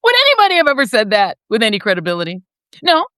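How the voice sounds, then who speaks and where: A woman's voice: huge pitch swings, very fast, bright, forceful tone, no echo, clean studio sound. A woman in her fifties giving emphatic, sardonic political commentary as a panel guest. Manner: emphatic, sardonic, swings between high and low.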